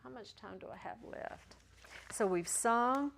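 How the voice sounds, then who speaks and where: A woman's voice: on the high side, measured pace, vocal fry, a bit bright, slight background noise. A woman teaching a Greek class in a classroom, chatty and encouraging, joking with her students. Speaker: Greek teacher at a ministry school. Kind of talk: classroom lecture.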